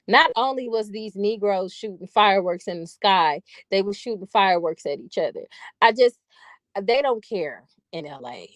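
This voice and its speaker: A woman hosts her own vlog, telling loose, profane stories in a casual, chatty monologue with laughing asides. Her voice is medium-pitched with no echo.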